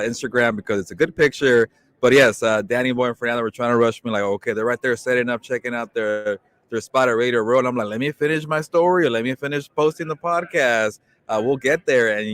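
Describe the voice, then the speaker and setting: Man teasing his co-host, mid pitch. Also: dry recording. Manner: teasing, relaxed, lots of uh fillers. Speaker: podcast co-host. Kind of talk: casual chat.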